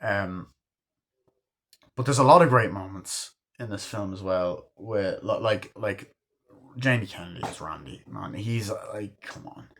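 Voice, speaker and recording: A man's voice: lowish voice, unhurried, a bit bright. A man reviewing a movie in a casual, rambling way, swearing often and leaning on fillers. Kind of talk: casual chat.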